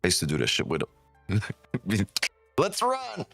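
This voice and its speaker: A man's voice: low-pitched, expressive, a little fast, vocal fry, faint music behind. Profane, joking man streaming live. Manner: loud, profane, joking, laughs often. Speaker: day trading streamer. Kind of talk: casual live stream chat.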